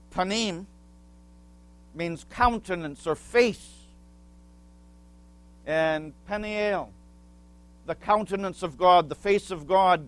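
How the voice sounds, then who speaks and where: A man preaching a sermon as pastor, explaining a word with small asides and asking the congregation questions. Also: a little high. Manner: asks the congregation questions and pauses for answers.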